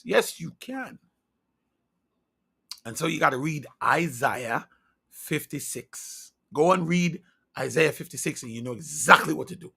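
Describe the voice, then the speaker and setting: A man delivering a sermon in a high, gravelly voice with a bright, cutting edge. He is fervent and insistent, firing rhetorical questions at his listeners. He swings between loud emphasis and hushed near-whispers. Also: expressive, a little slow, long pauses. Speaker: preacher.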